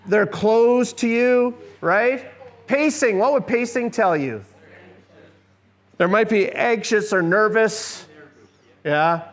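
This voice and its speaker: A man's voice: high voice, slow, pauses often. A middle-aged man giving a conversational church workshop lecture, often asking the audience questions. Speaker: seminar presenter.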